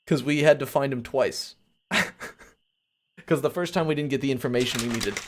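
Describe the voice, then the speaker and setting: A man reading a gamebook aloud on a live stream, mixing steady narration with casual, crude asides. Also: medium pitch, moderate pace, pauses often, a little hiss or hum. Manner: casual and crude, reads narration then chats.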